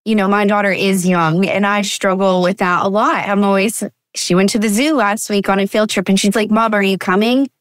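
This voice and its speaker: A woman's voice: medium pitch, steady tone, brisk, few pauses, dry recording, studio quality. Affirming woman podcast host. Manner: warm, affirming, emotionally responsive. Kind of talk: casual interview chat.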